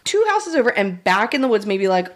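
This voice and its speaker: Speaking briskly in a mid-range voice, this female podcast co-host tells a story in relaxed conversation. She curses a lot and performs the quotes of the people involved with lively energy.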